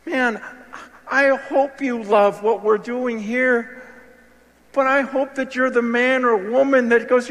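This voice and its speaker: Male pastor with a very high voice preaching in an echoing church; passionate, drops to near-whispers for effect. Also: fairly even intonation, slow. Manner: impassioned, swinging between loud emphasis and hushed lows. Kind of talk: sermon. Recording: long reverb of a large hall.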